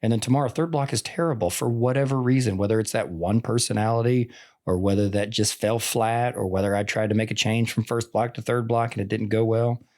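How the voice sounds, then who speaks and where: Fairly quick and steady, his fairly low voice darkish in tone, a veteran teacher in his forties rambles earnestly as a podcast guest, peppering casual conversation with "like" and "I mean."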